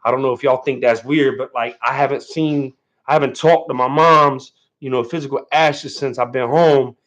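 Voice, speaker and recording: A man hosts his first livestream, laid-back and a little nervous, rambling along with lots of fillers and "man." His mid-range voice is fairly even in intonation and fairly bright, at a moderate pace.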